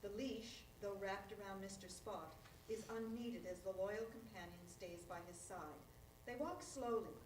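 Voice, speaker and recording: A woman reads the stage directions aloud at a live play reading, steady and plain in her delivery. Her voice sounds roomy and picked up from a distance. Faint background noise runs under the room sound. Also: medium pitch, normal speed. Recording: echoey room, voice far from the mic.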